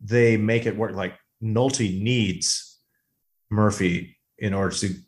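A man's voice: lowish voice, slow. A man co-hosting a casual movie podcast, talking with enthusiasm and telling stories. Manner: animated, enthusiastic storyteller. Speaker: podcast co-host.

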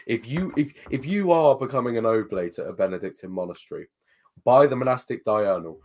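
A man's voice: medium pitch, sing-song, brisk, a little mellow. A man in casual conversation, reading passages aloud from books and giving emphatic advice. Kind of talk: casual chat.

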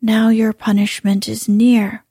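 Kind old grandmother read by a woman, whispered role-play, slow and breathy. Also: a little high, little pitch movement, no room sound, studio quality, exaggerated voice. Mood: gentle. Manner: soft, kindly, coaxing.

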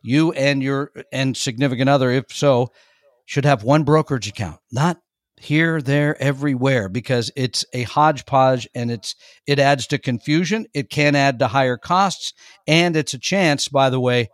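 A man's voice: medium pitch, moderate pace, dry recording, clean studio sound. Chatty, emphatic man co-hosting a money show. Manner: chatty, emphatic, laughs easily. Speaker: radio show co-host. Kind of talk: casual money-advice talk.

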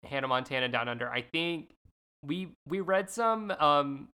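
A woman co-hosting a casual podcast, giggly and animated as she leads the chat. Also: sits low, measured pace, clean tone. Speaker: podcast co-host.

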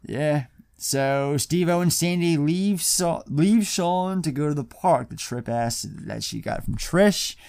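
A man's voice: a little high, slow pace, creaky, a little mellow, no room sound, clean studio sound. A man co-hosting a casual film podcast, loosely retelling scenes with plenty of swearing. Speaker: podcast co-host. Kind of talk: casual film-review chat.

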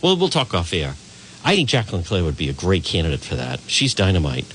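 A man's voice: low voice, wildly swooping pitch, brisk, fairly bright tone, slight background noise. A man hosting a live call-in talk radio show, rambling and digressing as he chats.

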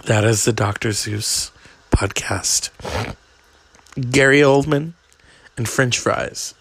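Slow, gravelly, crude podcast host. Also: male voice, medium pitch, fairly bright tone, no room sound. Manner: crude, sardonic rambling. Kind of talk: rambling podcast monologue.

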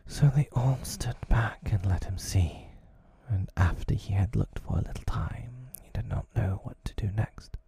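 A man reading a storybook in a hushed whispered role-play, close to the mic, slow and husky. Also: lowish voice.

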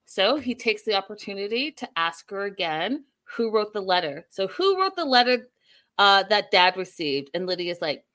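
A woman recapping a reality show in a casual, animated, gossipy way, talking straight to her viewers. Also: mid-range voice, a little slow. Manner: animated, gossipy storytelling, addresses viewers directly.

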